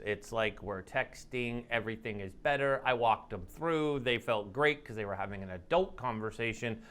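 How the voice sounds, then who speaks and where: A man hosting a podcast, chatting casually with his guest and getting animated in his asides. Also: on the low side, clean tone. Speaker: podcast host.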